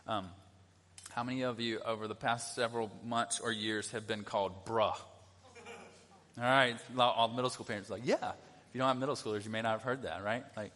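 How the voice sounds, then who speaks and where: In a church sanctuary, a middle-aged male pastor with a medium-pitched, sharp-toned voice delivers a conversational sermon at normal speed, often putting questions to the congregation. The recording carries the long reverb of a church hall.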